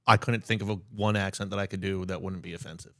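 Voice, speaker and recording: A man's voice: low voice, steady tone, quick pace, dry recording, studio quality. A man guesting on a podcast, chatting casually and joking at his own expense. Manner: self-deprecating, joking. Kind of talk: casual chat.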